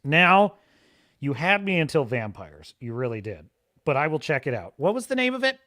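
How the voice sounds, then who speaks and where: A man's voice: fairly high pitch, sing-song, unhurried, long pauses, fairly bright tone. A man hosting a livestream podcast, chatting casually and enthusiastically, rambling and laughing often. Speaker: podcast host.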